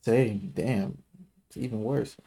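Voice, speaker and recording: A man's voice: fairly low pitch, steady tone, slow, gravelly, mellow, breathy edge. Profane, teasing man on a podcast. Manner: teasing, profane, laughs often. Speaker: podcast co-host. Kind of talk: casual chat.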